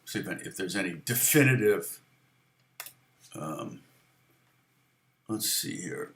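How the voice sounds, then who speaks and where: A man's voice: low-pitched, expressive, slow, a bit bright, reverberant. Chatty middle-aged man teaching guitar. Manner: rambling, chatty, lots of fillers and restarts. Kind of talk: casual livestream guitar lesson.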